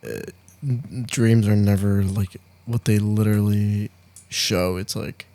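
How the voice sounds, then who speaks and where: A man's voice: fairly low pitch, steady tone, takes it slowly, mellow. A young man co-hosting a podcast in casual chat, hesitant, often trailing off. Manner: hesitant, trails off, lots of fillers. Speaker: podcast co-host.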